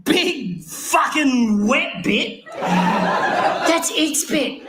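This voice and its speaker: A man with an Australian accent doing a live stand-up set, profane and animated, laughing through his jokes. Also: very high voice, drawn-out words, over loud music. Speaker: stand-up comedian. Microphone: handheld stage microphone.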